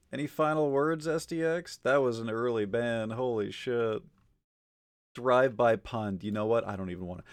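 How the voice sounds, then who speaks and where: A man's voice: medium pitch, normal speed, dry recording. Profane, ranting male streamer, dry sound. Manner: swings from mumbled asides to loud exasperated ranting; profane, argumentative. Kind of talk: casual live-stream chat.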